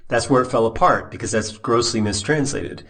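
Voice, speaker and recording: A man's voice: mid-range voice, normal speed, a bit bright. A man giving a recorded Bible lesson at his computer, talking casually and thinking aloud with restarts and asides. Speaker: Bible teacher. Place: at a computer, showing a website on screen.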